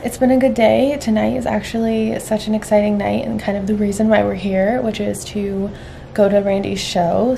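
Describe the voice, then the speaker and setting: A woman chatting on a casual vlog with a lightly gravelly, creaky voice. She talks easily and giggles between thoughts, with plenty of ums. A faint hiss sits under the recording. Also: mid-range voice, warm tone. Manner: giggly, chatty, lots of fillers. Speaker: vlog co-host. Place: inside a car, then a hotel suite.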